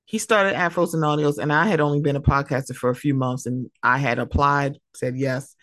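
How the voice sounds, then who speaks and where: A woman hosts her own podcast. She talks in a casual, heartfelt way and tells lively stories. The close mic sounds dry, with no room around her. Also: low-pitched, brisk, no echo. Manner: emotional, tearful at times, animated storytelling. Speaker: podcast host. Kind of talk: casual solo podcast monologue.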